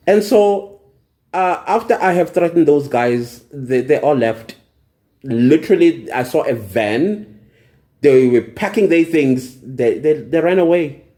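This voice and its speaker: Young male vlogger, fed-up, emphatic, repetitive rant; mellow, dark tone, mid pitch. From South Africa. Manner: indignant, emphatic, repeats phrases for emphasis. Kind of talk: angry personal vlog rant.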